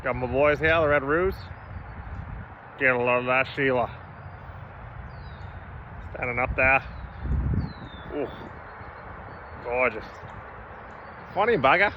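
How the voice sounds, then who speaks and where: A man putting on a loud fake Aussie bloke. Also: medium pitch, takes it slowly, pauses often, a little hiss or hum, voice pushed up, close to an everyday voice. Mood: boisterous. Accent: put-on Australian, self-described as poor. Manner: loud, hearty, exaggerated outdoor banter. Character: brash cheerful male Aussie bushman persona. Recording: dull lo-fi recording from a distance.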